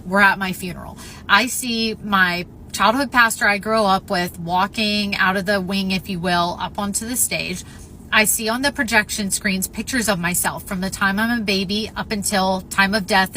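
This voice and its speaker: A woman telling a personal spiritual testimony in an earnest, emphatic way, often pausing with "um" and "if you will". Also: mid-range voice, steady tone, bright, forceful tone, slight background noise. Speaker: storyteller sharing a near-death experience.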